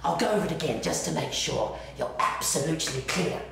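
A history-obsessed hospital orderly, played by a man, confiding in the audience with a gravelly, lively voice that rises and falls. He is heard from a distance on a very echoey stage with noise behind. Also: on the high side, fairly quick. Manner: wry, confiding storyteller. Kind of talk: solo stage play.

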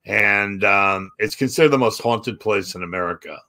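Male comedian guest, low and bright-toned, lively storyteller who acts out the dialogue. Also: moderate pace, gravelly. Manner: animated storyteller, acting out other people's lines. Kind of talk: storytelling in a podcast chat.

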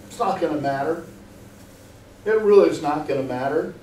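A man's voice: fairly high pitch, moderate pace, pauses often, warm tone, slight background noise. A man preaching a sermon as pastor, earnest and full of rhetorical questions, often repeating words as he goes. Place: church sanctuary. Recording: echoey room, mic far off.

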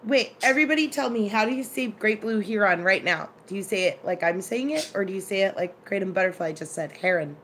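A chatty woman hosting a relaxed live stream from her kitchen, greeting viewers and telling stories in an easy, conversational way. Her voice sits in a middle register, with a faint hum of room noise behind her. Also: mid-range voice, fast, hardly any pauses. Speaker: live-stream cooking host. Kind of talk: casual live-stream chat.

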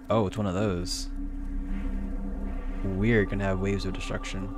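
A man casually commenting while he plays a game on a close desk mic, jumping to high yelps when startled. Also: flat delivery, normal speed, long pauses. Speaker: gaming streamer. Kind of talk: casual let's-play commentary. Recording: game music underneath.

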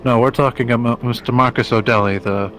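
A man's voice: mid-range voice, fairly even intonation, fairly quick, over loud music. A man roleplaying in a game voice chat, explaining things in a matter-of-fact way.

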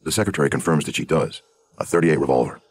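A man narrating a true crime podcast in a brisk, hard-boiled storytelling manner. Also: extremely low pitch, husky.

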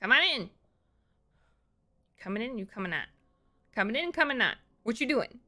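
A woman streaming a horror game, panicking out loud, swearing, repeating herself and dropping to whispers. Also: a little high, very animated, normal speed. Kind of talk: live horror game commentary.

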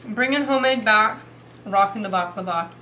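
Excited lady doing a home cooking demo, kitchen clatter behind her. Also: medium pitch, normal speed, slight background noise. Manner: chatty and enthusiastic. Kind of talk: casual cooking demonstration.

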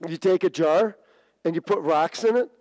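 A middle-aged man preaching a sermon, telling a story with stammers and restarts and big swings in pitch. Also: moderate pace, a little mellow. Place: church sanctuary. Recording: church hall reverb.

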